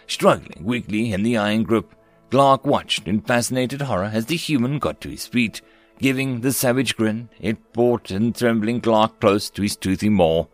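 Male narrator of sci-fi stories, low and animated, soft music bed. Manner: expressive, varied storytelling. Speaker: story narrator. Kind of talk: scripted narration of science fiction stories.

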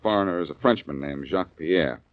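An actor playing a wisecracking tough private detective, sardonic and quick-witted, in 1940s radio acting on a muffled old recording. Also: male voice, deep voice, dry recording, lightly acted.

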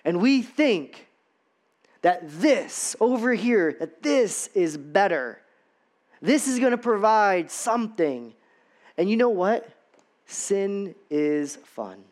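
A man's voice: high-pitched, expressive, slow pace, a little mellow. A man preaching a sermon in a church, talking conversationally with many repetitions and rhetorical questions. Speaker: pastor.

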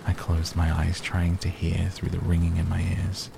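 A man reads a novel aloud at a measured, unhurried pace. His voice is very low with a gravelly edge. A constant hum sits under the recording. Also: little pitch movement. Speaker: narrator. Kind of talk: audiobook narration.

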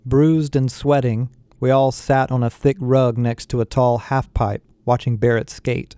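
A man narrating a first-person novel aloud in a steady reading voice. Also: mid-range voice, measured pace, clear, resonant tone, dry recording, soft background music. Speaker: audiobook narrator.

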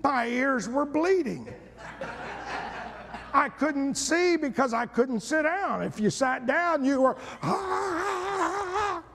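A middle-aged pastor delivers a sermon in a strikingly high voice, taking his time over each phrase. He swings from quiet scripture reading to fervent, shouted exhortation. The sound rings with the long reverb of a large church hall. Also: animated, slow pace, creaky. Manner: rising to shouted, fervent preaching. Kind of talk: preaching sermon. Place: church sanctuary.

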